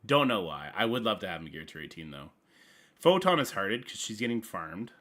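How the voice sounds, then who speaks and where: A man hosting a casual gaming livestream, rambling playfully with sudden loud bursts and mumbled asides. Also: on the low side, big pitch swings, brisk.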